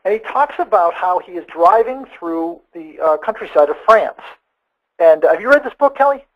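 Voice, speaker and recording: A man hosting a sales webinar, telling a story in an animated, conversational way with quick asides. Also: high voice, dull audio. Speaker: webinar host.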